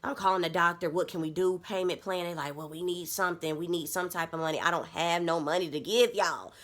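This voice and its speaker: A young woman vlogger telling her own story casually to the camera, addressing viewers as y'all, animated and emotional. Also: fairly low pitch, a little fast, noisy background.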